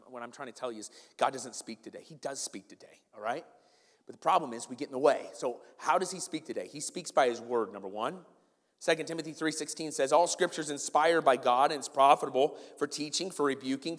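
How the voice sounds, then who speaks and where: A man preaching a sermon as pastor, swinging between loud emphasis and quiet asides. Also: mid-range voice, in a large hall.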